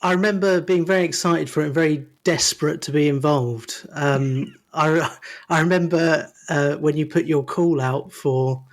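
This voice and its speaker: A man's voice: fairly high pitch, normal speed. An Englishman chatting as a guest on a podcast call, a little hesitant and self-deprecating. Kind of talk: casual video-call chat.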